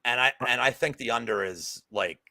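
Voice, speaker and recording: A man co-hosting a betting podcast in casual chat, an animated, jokey storyteller who swears freely. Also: mid-range voice, moderate pace, no echo.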